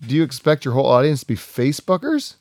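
A man's voice: medium pitch, very animated, fast talker, a little mellow, dry recording. A man hosting a podcast, telling a road trip story in a loose, laughing, swearing way. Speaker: podcast host. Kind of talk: casual storytelling chat.

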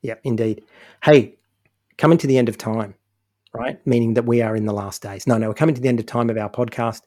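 A man co-hosting a podcast in casual chat, joking and animated. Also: mid-range voice, brisk. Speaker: podcast co-host.

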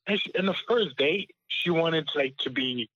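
A man on a podcast, telling a story in a halting, hesitant way. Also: on the high side, lively intonation, crowd noise. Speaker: podcast guest. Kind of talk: casual chat. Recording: slightly dull lo-fi sound.

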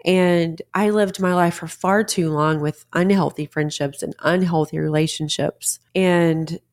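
A woman's voice: lowish voice, fairly even intonation, a little slow, darkish tone. A middle-aged woman hosting a podcast, talking earnestly and conversationally with many fillers and restarts. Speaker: podcast host, author. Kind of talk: casual monologue.

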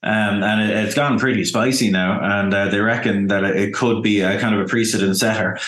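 A man on a panel who explains things in a measured way, with many "um"s. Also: fairly low pitch, steady tone, fairly bright tone, reverberant. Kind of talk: casual panel chat.

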